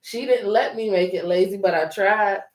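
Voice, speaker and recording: A woman's voice: medium pitch, normal speed, darkish tone. Laid-back woman podcast host, echoey room. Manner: laid-back, laughs often, uses slang. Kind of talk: casual chat. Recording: echoey room, mic at a distance.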